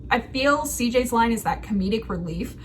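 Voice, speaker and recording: A woman's voice: fairly high pitch, normal speed, a little hiss or hum. A woman in her thirties hosting a writing video, talking through a story casually and laughing at herself. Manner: chatty, animated, laughs at herself.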